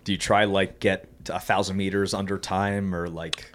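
A man's voice: low voice, flat delivery, moderate pace, a little hiss or hum. Joking young man from Quebec. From Quebec, Canada. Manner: joking, laughs often, swears. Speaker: podcast co-host. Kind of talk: casual chat.

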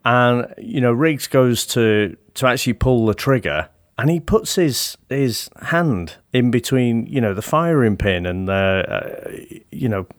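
A man's voice: medium pitch, lively intonation, a little slow, few pauses, no room sound, studio quality. A man co-hosting a podcast, chatting about a film in a laid-back way, laughing often and swearing casually. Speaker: podcast co-host. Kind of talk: casual film review chat.

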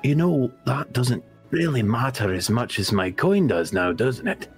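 A man playing in a tabletop game, talking slowly and hesitantly, with an intonation that rises and falls. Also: mid-range voice, faint music behind. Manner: slow, hesitant, lively intonation. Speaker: player. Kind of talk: casual tabletop play.

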